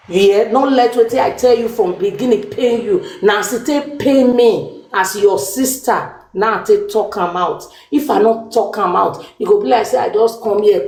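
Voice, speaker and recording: A woman's voice: on the high side, a little mellow, roomy sound, rough recording. A woman with a Nigerian Pidgin accent giving earnest, pleading, sisterly advice as a guest on a live stream. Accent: Nigerian Pidgin English.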